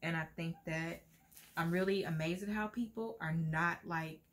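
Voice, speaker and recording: A middle-aged woman talks straight to her viewers, earnest and heartfelt. Her voice sits a little low, and she sounds close to tears at times. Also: moderate pace. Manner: heartfelt, earnest, lively pitch swings. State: emotional, near tears at times. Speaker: vlogger. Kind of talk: casual talk to camera.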